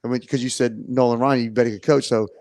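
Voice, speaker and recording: A man, a head soccer coach chatting as a radio guest, easygoing and laughing often, halting as he talks. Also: medium pitch, fairly even intonation, darkish tone, dry recording. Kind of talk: casual radio chat.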